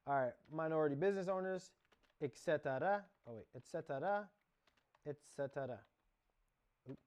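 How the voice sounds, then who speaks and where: A fairly high-voiced man walks through a software lesson while sharing his screen. He rambles casually, narrating each click and correcting himself mid-sentence. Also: normal speed, long pauses, lo-fi sound. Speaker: course instructor. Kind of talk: casual screen-share tutorial.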